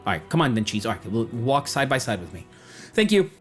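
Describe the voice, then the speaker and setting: A man's voice: medium pitch, big pitch swings, a little fast, soft background music, close to an everyday voice. A man voicing a blunt, swearing adult woman adventurer who is lost with her dog. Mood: brisk.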